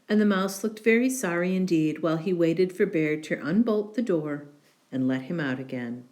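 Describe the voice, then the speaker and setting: A woman reading a children's picture book aloud in an expressive, unhurried storytelling manner. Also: on the low side. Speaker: storybook reader.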